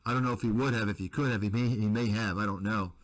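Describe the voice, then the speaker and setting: A man's voice: on the low side, steady tone, fast, rough recording. A man, an investment commentator, delivering a combative, repetitive rant to his viewers. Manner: combative, repetitive, name-calling.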